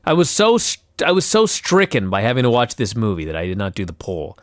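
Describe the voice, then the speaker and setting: A man's voice: on the low side, huge pitch swings, fairly quick, no echo, studio quality. A man co-hosting a podcast, ranting and swearing in exasperated casual chat. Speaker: podcast co-host.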